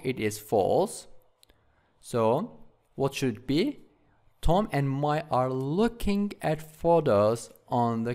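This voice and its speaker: Male English teacher, patient drilling style, unhurried and animated in pitch. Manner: repeats each word several times, slow drilling; friendly, with checking "okay?". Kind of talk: classroom vocabulary tutorial.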